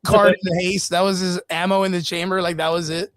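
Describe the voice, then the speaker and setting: A man's voice: high-pitched, level tone, fairly quick, a bit bright, no room sound. A man co-hosting a casual streamed chat show, joking loosely and swearing, with lots of "dude" and "bro". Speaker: podcast co-host. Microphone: streaming mic.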